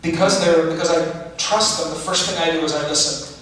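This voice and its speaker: A film director answering audience questions in a chatty, laughing way at a festival Q&A. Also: male voice, on the high side, steady tone, fairly quick, a bit bright. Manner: chatty, laughing asides, restarts. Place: large hall with audience. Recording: echoey hall from far off, audience noise.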